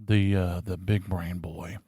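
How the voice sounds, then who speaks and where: A man's voice: low-pitched, flat delivery, measured pace, mellow, breathy edge, no room sound. A man co-hosting a podcast, chatting casually and reading aloud in a dry, mock-serious way, giggling between lines. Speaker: podcast co-host.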